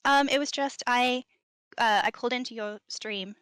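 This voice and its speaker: A woman's voice: a little high, moderate pace, fairly bright tone, smooth, dry recording. A woman guest on a stream, explaining herself hesitantly and with many fillers. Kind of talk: casual discussion.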